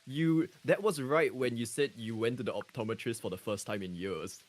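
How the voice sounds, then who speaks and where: A man chatting casually with a streamer during a gaming session, friendly and relaxed. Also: medium pitch, normal speed. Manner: friendly, relaxed, laughs along. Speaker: co-streamer guest. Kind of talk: casual chat while gaming.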